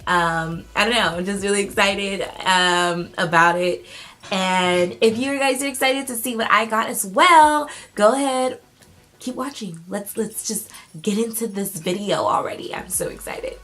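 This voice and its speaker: A woman beauty YouTuber chatting through a casual unboxing vlog at home. She sounds bubbly and excitable and uses casual slang. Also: medium pitch, measured pace, low-quality recording.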